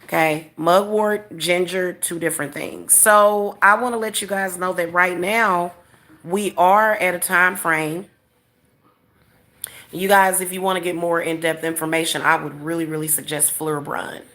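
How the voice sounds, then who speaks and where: A woman with a slightly low voice talks casually to her livestream viewers as a spiritual reader. She presses her points by repeating them and chuckles often between lines. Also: steady tone, a little slow, a bit bright. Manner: emphatic and repetitive, chuckling often.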